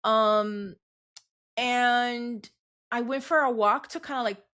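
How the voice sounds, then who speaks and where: Candid woman telling a story, slightly high voice. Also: fairly even intonation, takes it slowly, a bit bright, smooth. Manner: candid storytelling, acting out quoted family dialogue. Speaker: podcast co-host. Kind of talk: casual chat.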